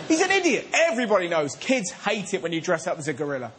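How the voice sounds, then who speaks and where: A man hosting a comedy show, delivering an excitable, playful stand-up monologue. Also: high-pitched, fast, few pauses, over a noisy crowd, heavy background noise. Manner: excitable, playful, bursts into silly voices. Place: TV studio stage. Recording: studio audience laughter.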